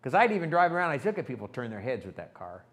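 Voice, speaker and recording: An older man, a pastor, telling a folksy, animated story in a sermon and acting out the voices of the people in it. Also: medium pitch, racing. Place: church sanctuary.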